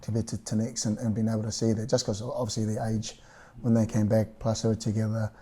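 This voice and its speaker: Middle-aged man, parent, relaxed rambling talk, warm dark tone. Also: fairly low pitch, fast, slightly rough. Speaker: panelist, parent. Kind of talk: casual panel chat.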